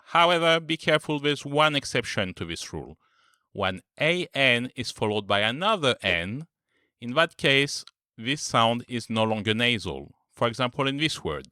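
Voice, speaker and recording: A man teaching a pronunciation lesson, patiently repeating each example word slowly and clearly. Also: medium pitch, sharp tone, no room sound, clean studio sound. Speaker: French teacher.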